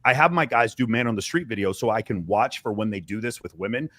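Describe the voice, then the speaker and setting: A man's voice: fairly low pitch, fast, fairly bright tone, dry recording. A man talking bluntly and with a lot of swearing as a dating coach on a panel discussion. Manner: blunt and profane, mimics other men's voices. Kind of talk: casual panel talk.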